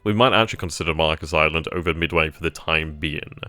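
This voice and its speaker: A man thinking aloud as he plays a strategy game, trailing off mid-sentence and bursting into giddy excitement at good news. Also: rumbling low, fast talker, dry recording. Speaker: let's play gamer.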